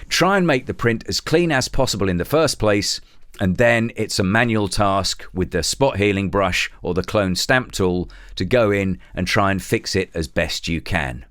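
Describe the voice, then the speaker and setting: A man, walking through a photo editing tutorial step by step in a relaxed, explanatory way. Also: on the low side, moderate pace, no room sound, studio quality. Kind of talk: software tutorial.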